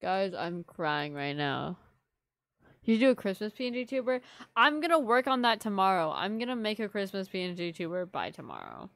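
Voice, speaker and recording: A young woman livestreamer chats casually to her viewers at a desk mic, rambling, apologizing often and using lots of fillers as she works through things. Her middle-pitched voice is sing-song and fast, recorded close and dry with no room echo.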